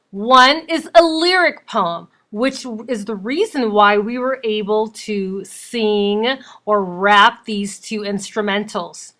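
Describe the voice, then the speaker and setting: A woman's voice: fairly high pitch, bright, forceful tone. A woman teacher giving a recorded lesson, explaining step by step and counting points out with emphasis. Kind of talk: recorded classroom lecture.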